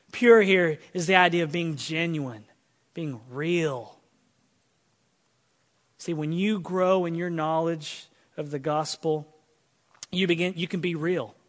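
A male pastor preaching an earnest sermon, swinging between loud emphatic lines and soft quiet ones. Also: high-pitched, big-room sound.

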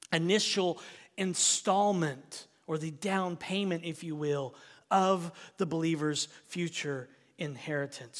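Earnest male preacher in reverberant church. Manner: earnest preaching, swells loud then drops low. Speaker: pastor. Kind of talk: sermon. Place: church sanctuary.

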